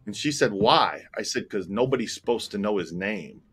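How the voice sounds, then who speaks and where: A man's voice: fairly low pitch, animated, normal speed, fairly bright tone, slightly rough. A man telling a personal story in casual chat, candid and rambling, swearing freely and growing emotional. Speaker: tour operator telling a story.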